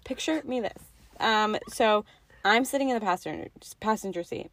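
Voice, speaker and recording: A woman's voice: medium pitch, lively intonation, normal speed, a bit bright, dry recording. A young woman telling stories in casual chat, laughing and swearing freely, recorded on one microphone in a parked car at night. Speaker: podcast co-host. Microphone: single mic between two people.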